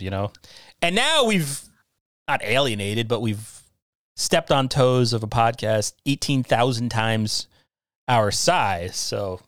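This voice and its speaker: A man's voice: medium pitch, animated, a little slow, fairly bright tone, no room sound. A middle-aged man from the New York area hosts a podcast in loose, rambling talk. He is self-deprecating and restarts his sentences often. The recording is dry and close. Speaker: podcast host.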